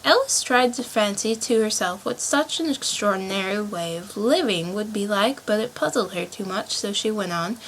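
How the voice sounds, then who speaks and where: A woman narrating a storybook aloud, dropping to a quieter, lower voice for the narration. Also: lively intonation, normal speed, hardly any pauses, slight background noise, low-quality recording.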